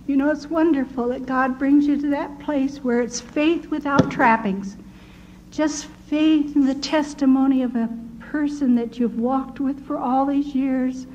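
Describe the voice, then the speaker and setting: An older woman giving her personal testimony as a story, quoting the people she met and laughing softly now and then. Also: sits high. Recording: dull lo-fi recording with faint hiss.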